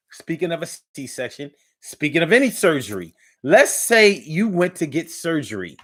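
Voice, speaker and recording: A man's voice: medium pitch, fairly bright tone. Guy hosting a live stream talk show, playful and loose, repeats himself a lot, reads out viewer comments, regular mid voice.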